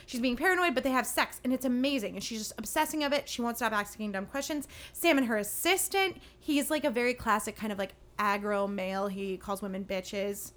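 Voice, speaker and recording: A young woman hosts a casual recap podcast, her voice high and bright. She talks in a chatty, sarcastic way, dropping quick playful impressions of characters. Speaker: podcast host recapping episodes.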